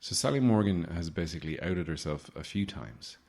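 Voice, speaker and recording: A man's voice: deep voice, lively intonation, brisk, darkish tone. A man hosting a podcast, giving a comedic monologue in a sardonic, rambling way with swearing. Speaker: podcast host.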